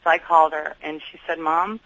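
Middle-aged woman, gravelly and bright, earnest and animated, dull lo-fi sound, dry. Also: low-pitched, a little fast, dry recording. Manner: earnest, animated, acts out her own inner dialogue. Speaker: guest. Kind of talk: candid interview storytelling.

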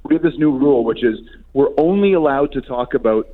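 A man talks fast and tells his stories with animation, in an easygoing radio conversation. The sound is a little dull and lo-fi, like a radio broadcast. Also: mid-range voice. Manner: storytelling, quick and animated. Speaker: guest. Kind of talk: casual radio chat.

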